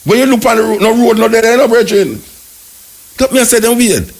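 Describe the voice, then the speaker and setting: A Jamaican man from Jamaica, hosting talk radio with animated, ranting commentary. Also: extremely high pitch, a little fast, slightly rough.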